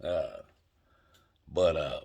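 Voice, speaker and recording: Gravelly man telling a story. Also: extremely low pitch, lively intonation, extremely slow, dark tone. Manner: folksy, emphatic, addresses viewers as folks. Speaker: channel host. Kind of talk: casual storytelling.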